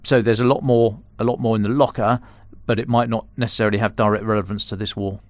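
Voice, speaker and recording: A man's voice: lowish voice, fairly even intonation, quick pace, no room sound. A man, a defence and security editor, giving casual podcast analysis in an explanatory way, often stopping and restarting mid-phrase.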